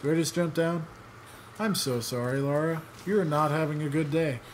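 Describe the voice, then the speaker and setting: A man's voice: on the high side, steady tone, normal speed, noisy background. A young man giving casual, joking commentary while playing a video game, rambling and sarcastic. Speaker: let's play gamer.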